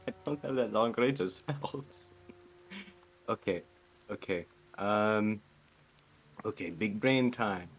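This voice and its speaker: A man playing in a tabletop game who hedges, laughs and fills his pauses with hesitant words. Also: lowish voice, a little hiss or hum, low-quality recording. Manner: hesitant, laughing, filler-heavy. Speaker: player. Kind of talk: casual tabletop game chat.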